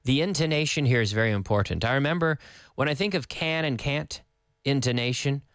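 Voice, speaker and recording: A man's voice: mid-range voice, brisk, clean tone, dry recording, studio quality. A middle-aged man teaching English to learners in Spain, telling stories and acting out dialogue to demonstrate intonation. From English-speaking country, living in Spain. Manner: lively storytelling, acts out dialogue, hums intonation patterns. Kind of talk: explaining English pronunciation.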